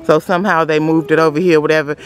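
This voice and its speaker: A woman's voice: low-pitched, little pitch movement, fast. Chatty Southern woman vlogging from Louisiana. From Louisiana, USA. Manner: chatty, emotional, keeps calling viewers "y'all". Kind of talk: casual vlog chat to viewers. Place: outdoors at a rural family property. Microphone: handheld phone camera.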